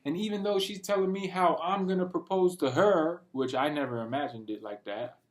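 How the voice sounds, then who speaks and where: A man's voice: fairly high pitch, fairly quick. A young man talking in a loose, rambling monologue. He keeps saying "bro" and acts out what he and others said. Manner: rambling, says "bro" constantly, quotes himself and others in little voices. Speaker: vlogger. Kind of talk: casual monologue. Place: at home, dogs nearby.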